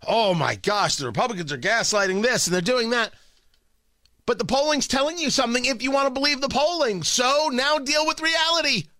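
A man's voice: sits high, no room sound. A man hosting a talk radio show, opinionated and sarcastic, bantering and joking in the studio. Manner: animated, sarcastic, jokey.

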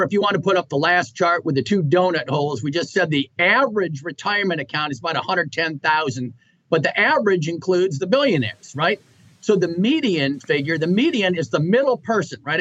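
A man gives political commentary, walking through figures step by step with many hesitations. His voice is high for a man. The sound is muffled and dull, like a lo-fi remote feed. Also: a bit bright, dry recording. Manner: explanatory, with frequent "uh" fillers. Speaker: guest commentator. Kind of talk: political commentary explaining charts.

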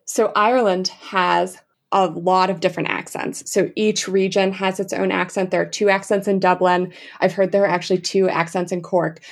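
A young adult woman chatting as an enthusiastic travel guest, full of fillers and quick asides. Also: on the low side. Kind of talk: casual interview chat.

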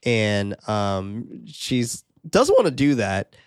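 A man hosting a podcast, recapping a horror film in a casual, profane, animated way. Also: fairly low pitch, slow pace, clean tone, no echo, clean studio sound. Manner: animated, profane, laughing often. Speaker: podcast host.

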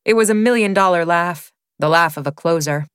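A woman's voice: fairly low pitch, a little fast, clear, resonant tone, dry recording. A woman reading a romance novel aloud in first person, with a wry, dry delivery. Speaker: audiobook reader. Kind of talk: narrating a romance novel excerpt.

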